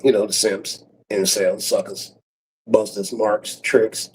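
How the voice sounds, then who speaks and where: A man's voice: fairly low pitch, level tone, slow, slightly rough, poor audio. A man YouTuber talking in a casual rambling monologue, full of street slang, chuckles and trailing fillers.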